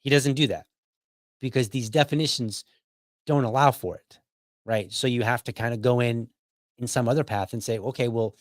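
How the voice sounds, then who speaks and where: A man's voice: medium pitch, normal speed, long pauses, no room sound, clean studio sound. A man hosting a podcast, commenting casually in a rambling, self-correcting way. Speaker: podcast host.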